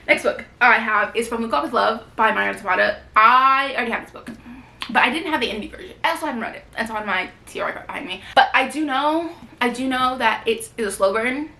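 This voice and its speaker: In an echoey room at home with a bookshelf, a young woman rambles through a casual book haul chat, gushing with plenty of fillers. The book vlogger's voice is a little high, with vocal fry and a sharp tone.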